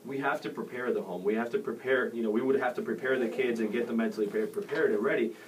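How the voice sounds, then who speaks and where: A man's voice: medium pitch, fast talker. A middle-aged man hosting a real estate radio show, giving advice in a rambling way with many fillers and restarts. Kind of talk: casual radio advice talk. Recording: distant mic with faint noise.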